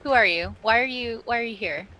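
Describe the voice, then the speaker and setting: A woman's voice: a little high, a little fast, pushed and bright. A woman playing a sassy woman at a bar, talking sarcastically and firing questions. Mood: sarcastic.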